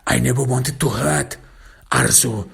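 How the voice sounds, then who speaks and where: A man voicing a weeping middle-aged father who pleads and begs in a high, sobbing voice. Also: measured pace, creaky, fairly bright tone, husky, exaggerated voice. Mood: self-pitying. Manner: sobbing, begging.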